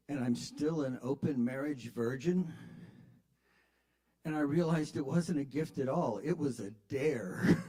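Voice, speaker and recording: A man's voice: on the high side, mellow. Profane middle-aged man doing stand-up. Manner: self-deprecating and profane, with halting restarts. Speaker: stand-up comedian. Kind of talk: stand-up comedy at an open mic. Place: live stage at a bar.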